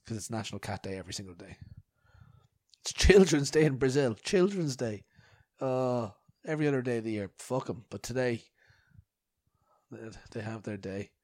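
A man's voice: mid-range voice, lively intonation, moderate pace, long pauses, darkish tone, no echo. A man hosting a podcast, rambling and swearing with mock outrage and a bad cough. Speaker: podcast host. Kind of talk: rambling solo podcast chat.

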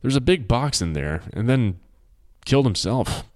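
A man's voice: mid-range voice, big pitch swings, normal speed, a little mellow, no echo, clean studio sound, pitched above the performer's own voice, natural voice. A man voicing a weary, middle-aged small-town sheriff who speaks grimly and plainly. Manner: grim, plainspoken.

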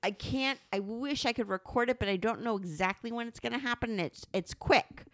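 A woman's voice: a little high, a little fast, no room sound. A woman co-hosting a candid couple's podcast, talking animatedly and swearing freely as she acts out her partner's lines. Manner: animated, profane, acts out quotes. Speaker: podcast co-host.

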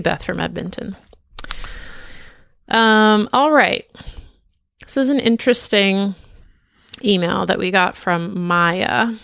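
A woman's voice: mid-range voice, vocal fry, fairly bright tone, no echo, studio quality. Woman reading listener emails on a podcast. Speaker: podcast co-host.

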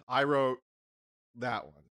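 A man's voice: mid-range voice, steady tone, drawn-out words, fairly bright tone, no room sound. A man in a casual drinking-game chat, laughing and teasing his friends.

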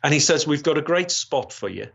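A man's voice: a little high, animated, a little fast, creaky, a bit bright, slightly rough. A man, a retired police officer recounting his career in a rambling way, with many restarts and fillers. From Gateshead, England. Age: 60s. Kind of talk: storytelling interview. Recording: slightly dull, lo-fi sound.

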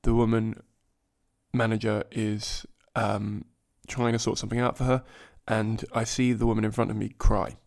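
Man, gravelly, fairly flat delivery, swears freely while spinning a self-mocking story. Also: on the low side, moderate pace. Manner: animated, profane, self-mocking. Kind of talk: comic anecdote, conversational.

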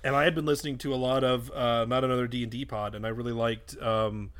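A man's voice: mid-range voice, little pitch movement, fast, a bit bright, clean tone. Rambling, swearing podcast guy. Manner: rambling, swears often, self-interrupting restarts. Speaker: podcast co-host and editor. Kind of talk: casual chat. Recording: raw podcast mic.

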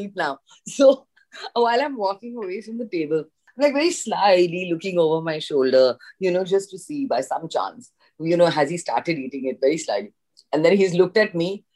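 A woman from India, an actress, telling an animated story in a casual interview, acting out the dialogue. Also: medium pitch. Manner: animated anecdote with acted-out dialogue and laughs. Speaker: guest actress.

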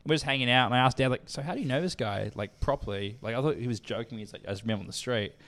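A young Australian man casually telling a profane, animated story as a podcast co-host, acting out the voices of the people in it. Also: mid-range voice, very fast.

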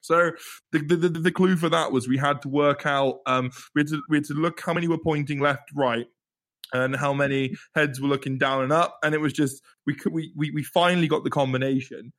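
Brief: young guy, slightly high voice, excitable storyteller who swears and laughs easily. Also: a little fast. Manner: animated, swearing, laughing, repeats words. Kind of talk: casual storytelling chat.

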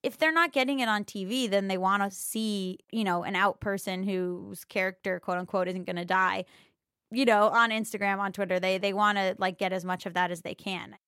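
A woman in her thirties gives a candid interview with frank, animated delivery and plenty of profanity. Her voice sits mid-range and is recorded dry and close. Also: medium pitch, moderate pace, clean tone, no room sound. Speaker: YouTuber interviewee.

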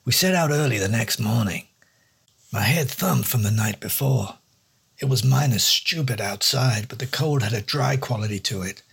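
Husky gravelly guy reading noir detective stuff, dry and wry. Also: medium pitch, moderate pace, a bit bright. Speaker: storyteller and host. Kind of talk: hard-boiled noir audiobook narration.

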